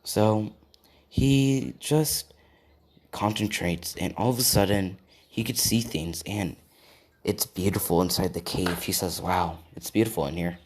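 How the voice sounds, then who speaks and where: Male storyteller, rambling and unscripted; low, slow, lively pitch. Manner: rambling, with many fillers and asides to viewers. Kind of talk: casual improvised story narration.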